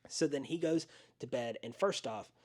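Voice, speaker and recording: A man hosting a casual podcast, retelling a horror movie in an animated way and jumping into higher voices when he quotes characters. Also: moderate pace. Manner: animated retelling, acts out lines in raised voices. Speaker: podcast host.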